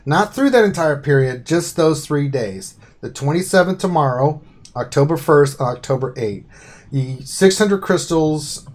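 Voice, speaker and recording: A man with a slightly higher voice co-hosts a casual gaming live stream. He runs through game update notes item by item and breaks off now and then for jokey asides. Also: a little mellow. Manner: reads patch notes aloud, then jokes and asides.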